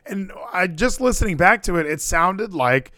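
A man co-hosting a casual streamed chat, excitable and rising to near-yells. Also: sits high, normal speed, no room sound, clean studio sound. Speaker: podcast co-host.

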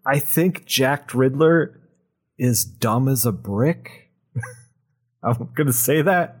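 A young man recapping a comic book on a podcast, animated and sarcastic, laughing often. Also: medium pitch, slow, husky. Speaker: podcast co-host.

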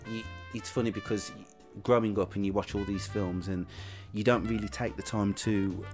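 A man hosting a casual chat, asking questions in a halting way with many restarts. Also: fairly low pitch, steady tone, faint music behind. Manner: halting, lots of ums and restarts. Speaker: actor, podcast host asking questions.

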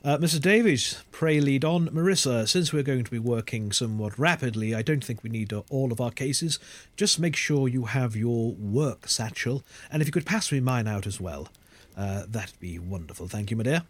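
A man's voice: mid-range voice, moderate pace, no echo, close to an everyday voice. A man playing a pompous, tea-loving old professor. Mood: genteel. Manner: pompous, formal, mannered. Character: fussy, tea-loving older male professor.

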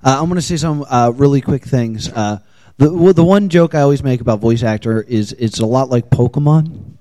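A man's voice: medium pitch, fairly quick, dark tone. A man moderating a convention panel, casual with light jokes. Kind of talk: panel talk.

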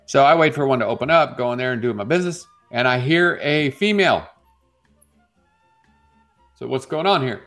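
A man co-hosts a morning show and spins a long anecdote in loose, casual chat. His voice sits at an ordinary middle pitch. He lifts into higher voices when he quotes others. Faint music plays under him. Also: normal speed, long pauses. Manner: animated storyteller, jumps into high voices when quoting a woman. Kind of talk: casual radio chat, storytelling.

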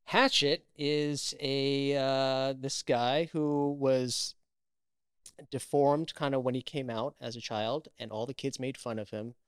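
A man's voice: medium pitch, slow, clean tone, no echo, studio quality. Chatty man retelling a story. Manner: animated storytelling with many restarts. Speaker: actor, guest. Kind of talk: casual interview chat.

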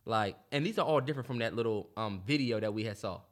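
A podcast co-host with a lowish voice talks fast in a casual chat, animated and emphatic, packing his speech with slang and filler ums.

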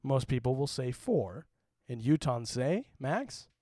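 A man's voice: medium pitch, lively intonation, a little slow, dark tone, no room sound. Man from Utah, dry close podcast voice. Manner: joking, storytelling. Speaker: podcast co-host. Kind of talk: casual chat.

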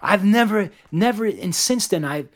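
Animated, profane man telling a story. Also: high-pitched, moderate pace. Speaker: podcast host telling a bartending story. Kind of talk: casual storytelling chat.

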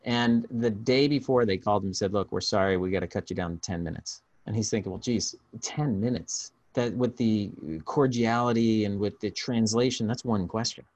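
Man, podcast host, low-pitched, casual storytelling, dry mic. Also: brisk, hardly any pauses, dry recording. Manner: storytelling, animated, restarts often.

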